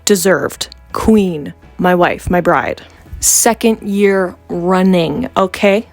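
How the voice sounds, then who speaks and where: A woman's voice: lowish voice, slow, faint music behind. A young woman from Canada, a vlogger chatting playfully to camera with joking asides. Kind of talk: casual chat to camera.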